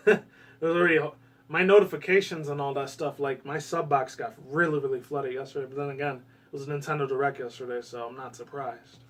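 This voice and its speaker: A man with a US West Coast accent rambles through casual gaming commentary, cursing a lot and erupting into excited bursts. His pitch is medium and his pace fairly quick, recorded on a distant mic.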